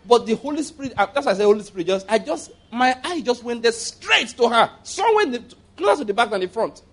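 A man's voice: extremely high pitch, very animated, quick pace, a bit bright. A Nigerian man preaching a sermon in church, telling stories, repeating phrases for emphasis and leading the congregation in declarations. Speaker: pastor.

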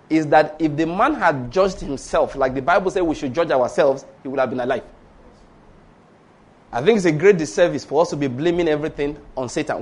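Emphatic high-voiced male preacher. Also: darkish tone. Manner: storytelling, emphatic, rhetorical questions. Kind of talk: sermon.

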